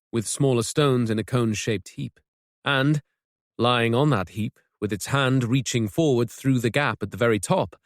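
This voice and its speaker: Dry, measured male audiobook narrator. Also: medium pitch, no room sound. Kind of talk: scripted narration.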